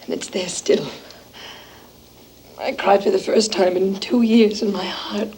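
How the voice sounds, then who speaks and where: An actress playing an exhausted, overwrought young actress in a stage play, dropping to whispers and rising to outbursts. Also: female voice, medium pitch, steady tone, a little slow, a little mellow, a little hiss or hum, natural voice, poor audio. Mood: weary. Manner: breathless, shifting between whispers and outbursts.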